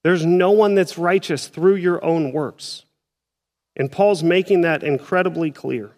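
A man's voice: on the high side, unhurried, a little mellow, in a large hall. A male pastor preaching a sermon in a church, speaking in a conversational way and acting out his listeners' doubts. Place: church auditorium.

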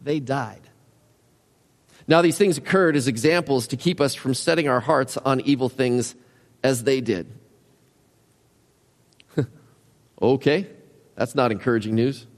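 A man preaching a sermon as a pastor, conversational and animated, full of rhetorical questions and acted-out asides. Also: mid-range voice, a little slow, pauses often. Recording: long hall reverb.

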